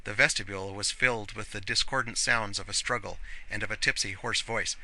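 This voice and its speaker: Man, audiobook narrator, earnest, forceful bright tone. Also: on the low side, steady tone, brisk, rough recording.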